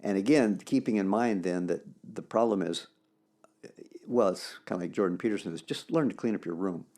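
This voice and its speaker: A man co-hosting a podcast, talking about faith in an animated, emphatic way and quoting scripture. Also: low voice, normal speed. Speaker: podcast co-host. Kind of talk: casual faith discussion.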